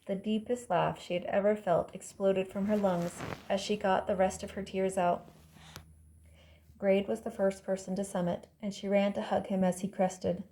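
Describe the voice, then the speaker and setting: A woman reading her own novel aloud as audiobook narration, calm and measured. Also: mid-range voice. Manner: calm, measured storytelling, voicing characters lightly.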